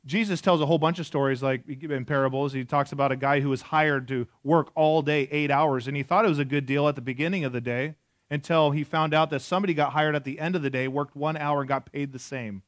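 A man's voice: a little high, fairly even intonation, quick pace, dry recording, studio quality. A man in his forties preaching a sermon in a conversational way, asking the audience questions and joking. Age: 40s. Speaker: pastor.

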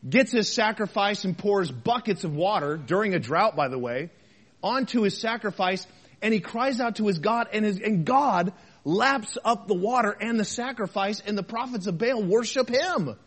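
A high-voiced man preaching a sermon as a pastor. He talks to the congregation in a conversational way, with rhetorical questions. He swings between loud emphasis and soft, quiet asides.

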